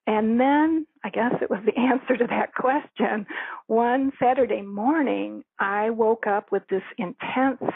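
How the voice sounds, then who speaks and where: Gravelly middle-aged woman on a phone line. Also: mid-range voice, no room sound. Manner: earnest, reflective, with small laughs. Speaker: radio host. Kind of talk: personal storytelling. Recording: thin phone-line audio, dry.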